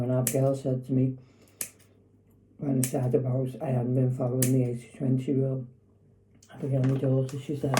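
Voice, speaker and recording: A woman's voice: extremely low pitch, warm tone, a little hiss or hum, poor audio. A middle-aged woman chatting casually to camera in her home kitchen while she makes food, rambling with lots of tag questions. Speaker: vlogger.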